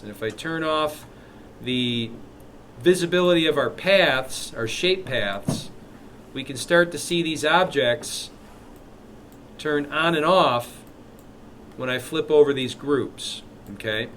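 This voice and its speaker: A man teaching a live software class, walking students through steps with chatty, joking asides. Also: on the high side, unhurried, slight background noise. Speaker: instructor.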